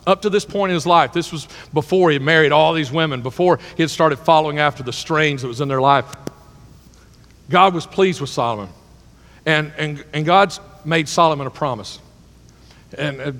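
Man preaching in an echoing hall. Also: on the high side. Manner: swings from hushed to loud, excited emphasis; repeats words and restarts phrases. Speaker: pastor. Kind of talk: sermon. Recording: long hall reverb.

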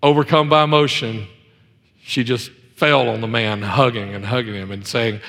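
A man's voice: medium pitch, fairly even intonation, normal speed. Man preaching in a ringing hall. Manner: impassioned preaching, swinging from loud to hushed; folksy storytelling with repetitions. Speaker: pastor. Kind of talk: sermon.

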